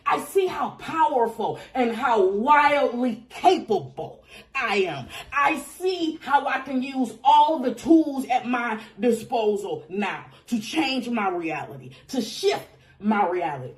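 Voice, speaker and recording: Passionate, lively woman reading tarot. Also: on the high side, slow. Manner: passionate, exclaiming, breaks into song. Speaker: tarot reader. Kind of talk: intuitive tarot reading to camera.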